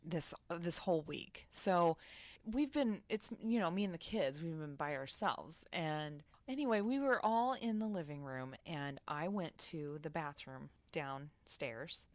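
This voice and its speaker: A woman's voice: low-pitched, expressive, a little slow, no echo. A woman co-hosting a podcast in casual chat, telling a creepy story and acting out her own shocked reactions. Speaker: podcast co-host.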